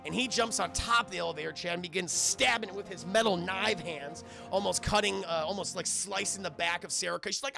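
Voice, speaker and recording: A man excitedly retelling a film scene by scene to his stream chat, swearing freely and briefly acting out the characters' lines. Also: high voice, creaky, faint music behind. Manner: excitable, swears, acts out lines in quick voices. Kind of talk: casual scene-by-scene recap.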